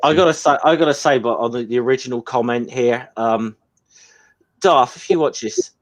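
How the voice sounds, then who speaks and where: A man's voice: medium pitch, normal speed, rough recording. A British man in a casual chat, teasing and chatty with fillers. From Britain. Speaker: guest.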